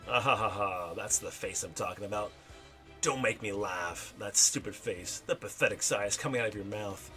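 A man's voice: fairly low pitch, normal speed, bright, forceful tone, faint music behind. A man voicing a gleeful, sadistic male demon villain in a video game, taunting and cackling. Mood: mocking.

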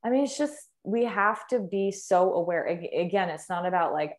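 A young woman with a slightly lower voice talks fitness and health as a podcast guest. She is enthusiastic and emphatic, stacking words and repeating them to drive each point home. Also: normal speed, few pauses. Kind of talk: conversational podcast interview.

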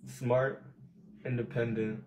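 Slow laid-back young New guy. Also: medium pitch, little pitch movement, darkish tone, slight background noise. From New Jersey. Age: young adult. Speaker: guest. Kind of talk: casual chat. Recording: echoey room.

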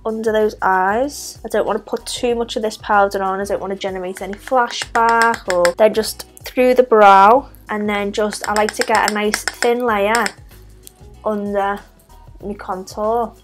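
This young woman has a Scouse accent and a mid-range, fairly even voice, and she takes her time, with soft music playing underneath. Chatty and casual, she walks through her makeup tutorial step by step as she puts it on.

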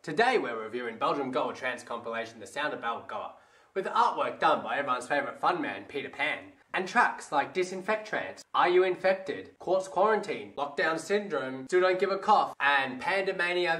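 A man's voice: a little high, expressive, moderate pace, pushed and bright. A man giving a comedic album review in a wry, sarcastic way, swearing freely. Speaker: music reviewer. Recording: echoey room with faint music.

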